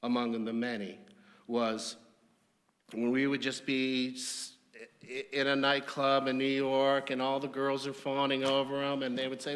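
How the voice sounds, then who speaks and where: A man's voice: medium pitch, flat delivery, moderate pace, fairly bright tone. Man telling funny stories in a reverberant hall. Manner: humorous, anecdotal storytelling. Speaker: eulogy speaker. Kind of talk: memorial eulogy.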